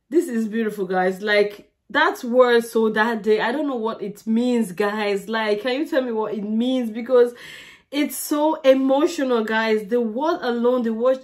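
A woman from Nigeria, hosting a music reaction channel and gushing over a song. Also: a little high. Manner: gushing and excitable, keeps saying "guys". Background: faint song playing.

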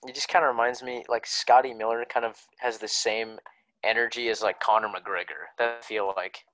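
A man's voice: medium pitch, fairly even intonation, moderate pace, fairly bright tone, dry recording, poor audio. A young man co-hosting a casual sports podcast, laid-back and jokey, rambling a little. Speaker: podcast co-host.

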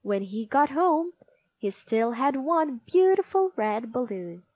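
A woman reading a picture book aloud in a high, sing-song voice. Her pace is slow and her pitch swings widely. The sound is close and dry. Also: big pitch swings, darkish tone, dry recording. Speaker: storybook reader. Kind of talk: children's read-aloud narration.

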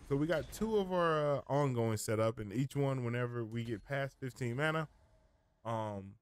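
Man, streamer, casual card-game commentary, thinks out loud, rambly, keeps correcting himself. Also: mid-range voice, lively intonation, moderate pace, clear, resonant tone.

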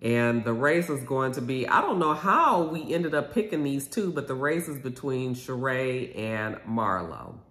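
A man giving a casual, animated recap of a reality TV episode, gossipy and sassy. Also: medium pitch, unhurried, hardly any pauses, reverberant.

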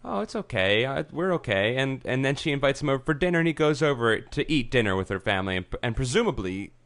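A man co-hosting a casual podcast chat, laid-back and quick to agree. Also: medium pitch, lively intonation, fairly bright tone. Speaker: podcast co-host.

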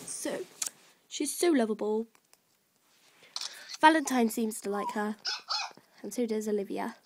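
A woman's voice: on the high side, unhurried, background noise. A woman chatting casually and rambling with many fillers while she shows off her virtual pets. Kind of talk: casual gameplay chat.

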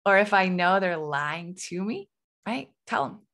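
A woman's voice: lowish voice, lively intonation, measured pace, fairly bright tone. A woman in her thirties hosting a parenting podcast, giving advice in a conversational coaching way with frequent "right?" asides. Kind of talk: solo podcast advice talk.

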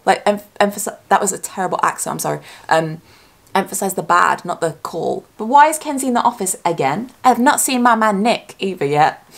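A woman talking casually as a YouTuber reacting to a trailer, chatty and excitable, thinking aloud and correcting herself as she goes. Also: medium pitch, fairly quick, gravelly. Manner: speculative fan talk, often self-correcting.

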